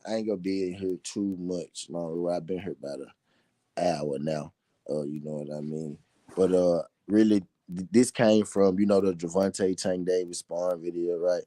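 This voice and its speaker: A low-pitched man with a dark, mellow voice hosts a casual live boxing show, talking loosely and with profanity. He keeps checking in with "you know what I mean?" and answers viewers' comments as he goes. His voice sounds dry and close to the mic. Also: moderate pace, no echo. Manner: reads and answers chat comments. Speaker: boxing talk show host.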